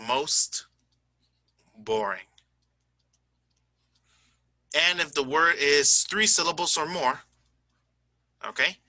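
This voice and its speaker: A man teaching an English grammar lesson in a chatty, joking way. He keeps checking understanding with "right?" and "okay?" and slows down to spell out word endings. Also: on the high side, sharp tone, no room sound. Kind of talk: recorded online grammar lesson.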